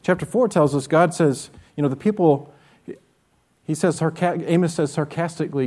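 A man's voice: on the high side, brisk, mellow. A man preaching a sermon with a voice that sits a little above the usual male range. He speaks in an earnest, direct way and keeps putting rhetorical questions to his congregation. He sounds like a pastor who knows his listeners well. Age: adult with children.

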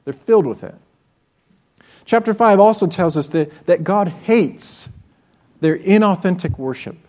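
A man's voice: high-pitched, animated, unhurried, mellow. A man preaching a sermon with a voice that sits a little above the usual male range. He speaks in an earnest, direct way and keeps putting rhetorical questions to his congregation. He sounds like a pastor who knows his listeners well. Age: adult with children.

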